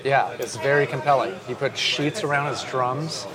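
Animated male storyteller, mid-pitched, casual swearing, chatter of a crowd behind. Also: moderate pace. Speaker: drummer guest.

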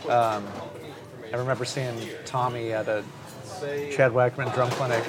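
A man's voice: mid-range voice, moderate pace, a crowd in the background. A man, a drummer, telling stories in a casual interview and swearing casually. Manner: animated storyteller, swears casually. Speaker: drummer guest.

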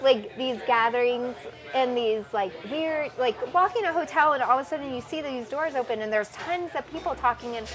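High-voiced woman telling rambling stories. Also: moderate pace. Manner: animated, rambling, laughs often, acts out quoted voices. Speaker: podcast guest, foundation founder. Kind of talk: casual storytelling interview.

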